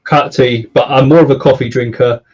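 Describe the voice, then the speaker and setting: A British man chats and jokes through a live stream, reading out viewers' messages with banter. His voice is a bit husky. The audio sounds dull and lo-fi. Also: medium pitch, steady tone, a little fast, darkish tone. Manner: jokey, banter-heavy, reads chat aloud. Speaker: co-host of a reptile live stream. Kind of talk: casual live-stream chat.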